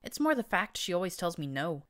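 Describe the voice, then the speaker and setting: A woman's voice: on the low side, sing-song, a little fast, fairly bright tone, pitched above the performer's own voice. Woman voicing a cocky young mare guard. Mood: playful.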